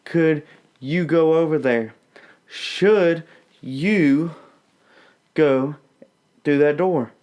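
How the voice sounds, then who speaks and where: A young man giving a casual tutorial on stage pronunciation, demonstrating tongue twisters slowly and clearly. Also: on the high side, darkish tone. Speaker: acting coach.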